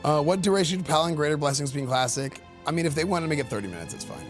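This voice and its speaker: A male streamer giving excitable, rambling live commentary, full of fillers and repeated words. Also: on the high side, very fast, over music. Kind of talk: live-stream commentary reacting to game questions.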